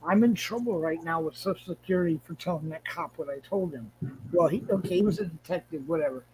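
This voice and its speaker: A male streamer with a high-ish, slightly mellow voice talks fast in casual livestream chat, captured in a low-quality recording with some hiss or hum. In pain and fighting to stay awake, he's angry and agitated, swearing and rambling with restarts.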